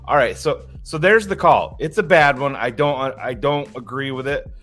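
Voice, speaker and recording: A man's voice: medium pitch, normal speed, a bit bright, faint music behind. A man co-hosting a live post-game show, breaking down play calls with frustration and some swearing. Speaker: podcast co-host. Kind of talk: post-game sports analysis.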